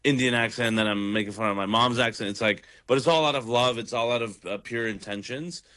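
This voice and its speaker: A young man from Toronto, a comedian guest, talking in a relaxed, rambling way on radio. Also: mid-range voice, quick pace. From Toronto, Canada. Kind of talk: casual radio interview.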